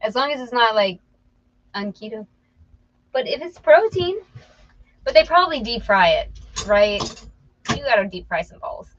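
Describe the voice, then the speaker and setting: A woman's voice: on the high side, lively intonation, normal speed, pauses often. Chatty joking woman, lo-fi sound. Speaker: reseller channel co-host. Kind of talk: casual chat while working.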